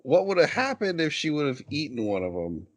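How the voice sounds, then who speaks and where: A man's voice: fairly high pitch, sing-song, a little fast. A man co-hosting a podcast, offering hesitant, musing remarks in casual chat. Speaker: podcast co-host. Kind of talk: casual anime discussion chat.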